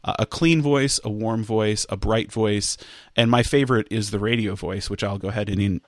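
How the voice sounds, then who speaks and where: A man's voice: fairly low pitch, steady tone, moderate pace, no room sound, studio quality. A man casually explaining audio equipment step by step in an online interview, with frequent fillers and restarts. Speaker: audio product specialist guest. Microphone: headphones and studio microphone over an online call.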